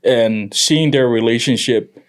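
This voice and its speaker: A young man from Tonga talking earnestly about his family in a conversation, with halting restarts. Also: medium pitch. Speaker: guest. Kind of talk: emotional personal conversation.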